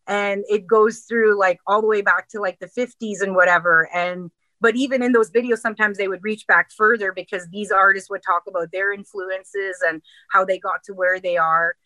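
A woman's voice: medium pitch, fairly even intonation, normal speed, few pauses, pushed and bright, no room sound, low-quality recording. A middle-aged woman, a singer guesting on a radio interview, talking in an earnest, rambling way with many restarts and fillers. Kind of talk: casual interview talk.

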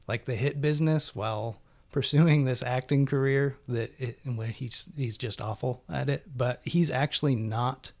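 A man's voice: mid-range voice, normal speed, vocal fry. A man chatting casually about TV shows he has been watching, loose and rambling with lots of fillers.

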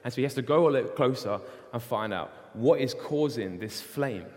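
A young man preaching a sermon in a casual, animated storytelling way. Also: mid-range voice, moderate pace. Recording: long hall reverb.

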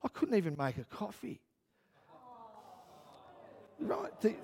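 A man, a pastor preaching a sermon in a chatty storytelling way that grows loud and worked up. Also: sits high, very animated, slow pace, creaky, pauses often, husky.

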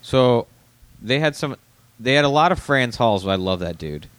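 A man's voice: mid-range voice, animated, moderate pace, a bit bright, clear, resonant tone, dry recording. A young adult man on a podcast, rambling through an anecdote with swearing and acted-out quotes. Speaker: podcast co-host and comedian. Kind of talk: casual chat, storytelling.

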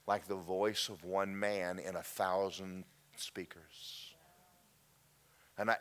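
A man preaching a sermon, telling an emotional testimony that drops to near-whispers and then rises loud. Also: on the low side. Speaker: pastor.

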